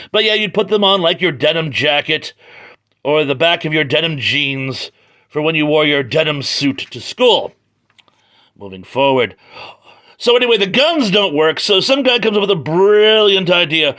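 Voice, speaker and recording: A man's voice: fairly high pitch, sharp tone. A man doing a casual, joking comic book review from his garage, full of wry asides. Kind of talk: casual read-through review. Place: home garage.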